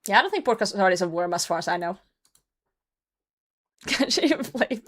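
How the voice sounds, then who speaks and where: A woman's voice: mid-range voice, lively intonation, moderate pace, a bit bright, slight background noise. Blunt, laughing young woman streamer. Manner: blunt, self-mocking, laughs often, swears. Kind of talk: casual live game commentary.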